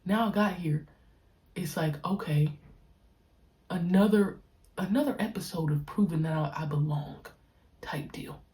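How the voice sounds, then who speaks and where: Yeah a young woman with a real low voice, chill slangy podcast rambling, draws words out slow. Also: dark tone. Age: young adult. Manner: slangy, stretches key words slowly. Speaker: podcast host, pro basketball player. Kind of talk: casual reflective monologue.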